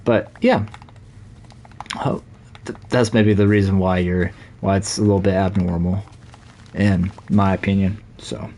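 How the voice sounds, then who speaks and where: Slow-talking Southern US man streaming. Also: low-pitched, fairly even intonation, dark tone, slight background noise. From Southern United States. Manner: rambling, halting, many fillers. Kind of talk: casual live-stream chat while playing.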